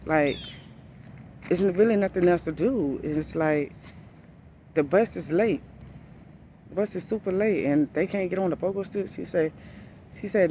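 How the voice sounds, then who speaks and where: A man's voice: high-pitched, measured pace, pauses often, warm tone, slight background noise. A parent vlogger, a man, telling a story in a casual, exasperated rant with lots of repeated phrases. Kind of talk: casual venting monologue.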